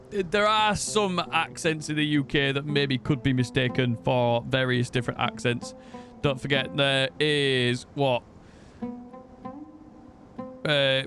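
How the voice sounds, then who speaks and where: A man's voice: fairly high pitch, a bit bright. A man from the UK with a British accent, chatting casually to viewers during a game live stream, rambling, self-deprecating and swearing now and then. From United Kingdom.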